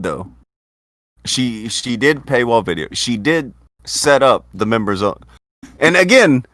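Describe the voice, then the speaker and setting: A man's voice: medium pitch, fairly bright tone, no echo, clean studio sound. A man hosting a casual commentary chat, blunt, profane and exasperated. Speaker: host.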